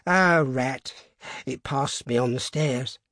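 A man's voice: medium pitch, slow pace, fairly bright tone, no echo, studio quality. A male reader voicing a frightened old man who speaks in shaking, fearful tones in an audiobook reading. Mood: scared. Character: trembling terrified old man.

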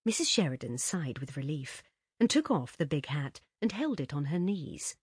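A woman reading a literary story aloud as narrator in an expressive, measured way. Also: deep voice, slightly rough, dry recording, studio quality. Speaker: audiobook narrator.

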